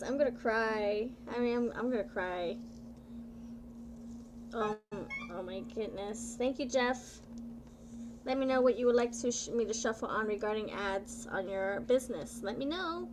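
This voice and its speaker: A woman tarot reader chatting live with her viewers, bubbly and playful, often excited and drawing her words out. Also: fairly high pitch, normal speed, noisy background. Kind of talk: casual live-stream chat with viewers.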